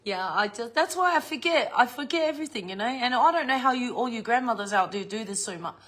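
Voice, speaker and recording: A woman's voice: a little high, lively intonation, fast, fairly bright tone. An older woman, chatting casually to camera, swearing freely and laughing often as she tells stories. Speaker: vlogger.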